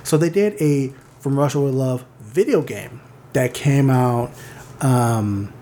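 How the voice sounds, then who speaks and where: A man's voice: mid-range voice, takes it slowly, mellow, slight background noise. A man co-hosting a casual movie podcast, rambling and filling his talk with "like" as he corrects himself. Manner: rambling, heavy use of "like", self-correcting. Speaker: podcast co-host.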